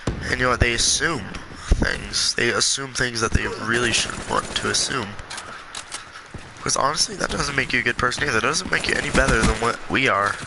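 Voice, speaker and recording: A congested man talking earnestly and with passion in a gaming vlog, with halting restarts. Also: mid-range voice, gravelly, background noise. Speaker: gaming video creator.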